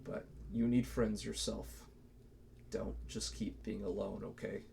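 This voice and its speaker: A man doing a gruff, caring old bartender. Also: lowish voice, level tone, a little slow, warm tone, a little hiss or hum. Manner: gruff, scolding, folksy. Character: gruff older male bartender, stern but caring.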